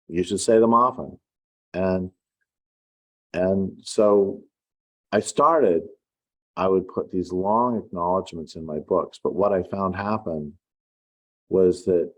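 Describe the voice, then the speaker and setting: A man with a very deep voice talks at an easy, unhurried pace. He is an author telling a personal story in a reflective, wry way. He sounds middle-aged. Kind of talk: casual spoken essay.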